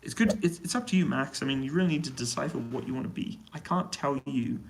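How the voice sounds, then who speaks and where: A British man talks in a relaxed, hushed way, reading out and answering questions from his stream chat. His voice sits at an ordinary pitch and has a gravelly, fried texture. A faint hiss runs under the recording in a small hotel room. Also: quick pace, poor audio. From United Kingdom. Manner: relaxed, quiet voice to avoid waking neighbours. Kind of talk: casual live-stream chat. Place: hotel room on an army base.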